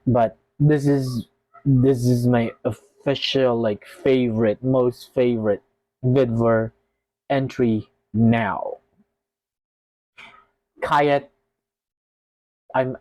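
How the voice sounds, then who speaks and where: Slow, emotional man reacting on camera. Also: mid-range voice, darkish tone, no room sound, rough recording. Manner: emotional, gushing, talks straight to viewers. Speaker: reaction video host. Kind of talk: casual reaction vlog.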